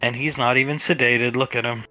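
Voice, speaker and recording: A man's voice: medium pitch, fairly even intonation, a little fast, bright, forceful tone, soft background music. A man running a live-streamed tabletop role-play as game master, wry as he narrates the characters' actions.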